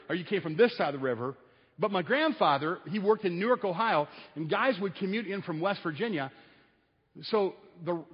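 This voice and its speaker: A man with a high, husky voice preaches in a church, telling folksy stories and laughing at his own asides. His words ring out in a long hall reverb, and the recording sounds dull and lo-fi. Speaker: pastor. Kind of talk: sermon. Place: church sanctuary.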